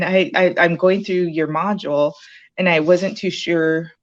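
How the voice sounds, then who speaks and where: A woman's voice: fairly low pitch, moderate pace, dull audio. A woman being interviewed about her time in a program, talking casually with lots of fillers and restarts. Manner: rambling, many fillers and restarts. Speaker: program graduate sharing her story.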